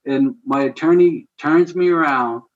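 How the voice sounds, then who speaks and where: A man's voice: on the high side, measured pace, muffled recording. A man guest on a podcast, telling a personal story in an earnest, conversational way. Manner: earnest, conversational, animated retelling with chuckles. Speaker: guest, ministry founder.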